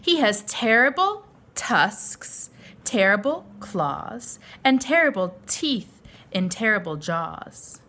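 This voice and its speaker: A woman's voice: medium pitch, very animated, slow, sharp tone, heavily acted. A woman voicing a small, clever brown mouse in a storybook read-aloud. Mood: polite.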